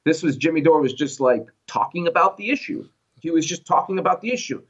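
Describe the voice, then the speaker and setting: A man's voice: fairly high pitch, expressive, a little fast. A man giving opinionated political commentary on a call-in show, emphatic and repeating his words. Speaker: show host or guest commentator. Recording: dull lo-fi audio.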